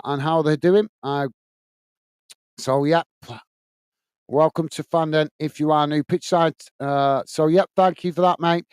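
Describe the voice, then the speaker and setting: A man's voice: on the high side, a little mellow, clean tone, no room sound. A man hosting a live football watch-along, casually reading out and answering viewer comments with plenty of fillers. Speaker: host.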